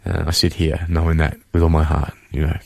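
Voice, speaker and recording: Male guest, deep voice, earnest and halting, dry studio mic. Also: level tone, creaky, darkish tone, dry recording. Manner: earnest, halting, many fillers. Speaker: interview guest. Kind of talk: emotional faith testimony.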